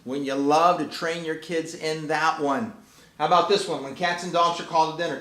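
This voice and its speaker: A man's voice: fairly high pitch, steady tone, moderate pace, a bit bright. A man presenting and promoting a children's book in an enthusiastic, folksy way. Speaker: author and presenter. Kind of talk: promotional talk. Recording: roomy echo.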